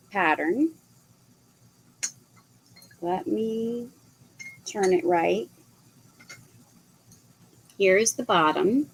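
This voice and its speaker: Lady selling stuff on a live stream, slowish pace, plain and straightforward. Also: medium pitch, slightly rough, low-quality recording. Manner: plain item descriptions with prices. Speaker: live sale co-host. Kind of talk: live online sale pitch.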